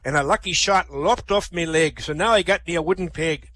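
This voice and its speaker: A man putting on a grizzled salty pirate, high and bright. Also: fairly quick, no echo. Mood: boastful. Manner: pirate talk, "me" for "my". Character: grizzled male pirate with a hook and peg leg.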